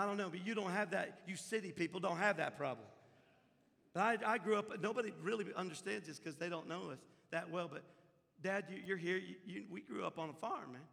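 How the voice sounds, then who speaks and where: A man's voice: high voice, creaky. A middle-aged male pastor preaching a sermon, telling stories and rising to impassioned peaks. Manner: impassioned, storytelling, swells loud at peaks. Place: church sanctuary. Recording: reverberant church hall.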